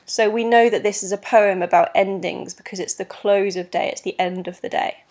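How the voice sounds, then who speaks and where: A woman's voice: mid-range voice, steady tone, normal speed, a little mellow. Patient woman teacher explaining poetry. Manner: clear, patient, many ums, stresses rhythm aloud. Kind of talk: recorded exam lesson explaining poetry.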